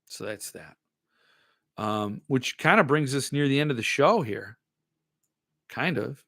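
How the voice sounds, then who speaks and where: A man's voice: mid-range voice, lively intonation, a little slow, a bit bright, dry recording, studio quality. A man hosting a podcast in casual chat, reading viewer comments, jokey and self-mocking. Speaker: podcast host.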